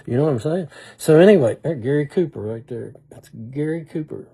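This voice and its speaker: A man's voice: on the high side, lively intonation, a little fast, creaky, mellow, slightly rough. An older man telling rambling, self-deprecating stories in a casual, folksy way. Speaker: humor vlogger. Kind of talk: casual storytelling monologue.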